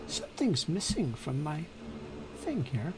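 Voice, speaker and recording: A man's voice: on the high side, big pitch swings, measured pace, background noise. Man narrating as game master.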